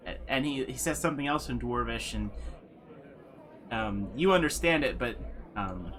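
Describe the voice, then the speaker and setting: A man narrating a tabletop game as game master, animated and laughing often. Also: medium pitch, moderate pace.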